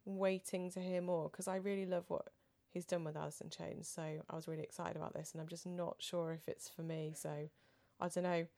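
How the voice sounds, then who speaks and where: A woman co-hosting a studio podcast in casual chat, thoughtful and rambling, often trailing off softly. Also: lowish voice, flat delivery, brisk, vocal fry, few pauses. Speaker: podcast co-host. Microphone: studio microphone.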